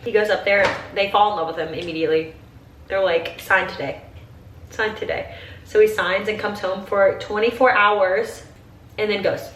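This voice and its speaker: A young woman from Ohio in her twenties chats casually with her viewers, her talk full of "like" and close to tears. Her voice sits at an ordinary middle pitch. The sound is roomy and a bit distant, with faint room noise behind her. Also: steady tone, normal speed, a bit bright. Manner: chatty, emotional, tearful at times, heavy use of "like". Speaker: vlogger. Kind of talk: casual get-ready-with-me chat. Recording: roomy, slightly distant home audio with faint ambience.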